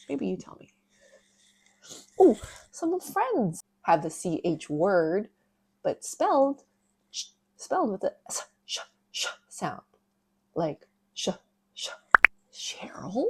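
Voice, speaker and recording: Slow, lively woman teaching kids phonics. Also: a little high, vocal fry, husky. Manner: sing-song, drawn-out sounds. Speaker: children's show host. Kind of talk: playful phonics lesson for young children.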